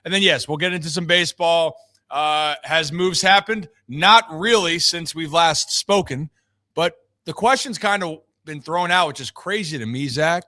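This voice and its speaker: A man's voice: a little high, moderate pace, bright, forceful tone, no echo, clean studio sound. A man hosting a live sports talk show, chatting upbeat and straight to his viewers.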